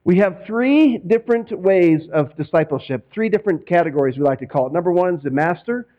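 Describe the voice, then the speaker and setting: A man's voice: sits high, animated, brisk, dull audio. A man preaching as a pastor in a conversational way, from Northwest Indiana, slipping into quoted voices now and then. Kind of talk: sermon.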